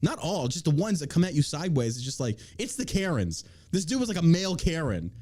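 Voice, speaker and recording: A man's voice: fairly high pitch, sing-song, a little fast, a little mellow, breathy edge. A man hosting a podcast in casual chat, ranting in a heated, profane way from a small studio. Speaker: podcast host.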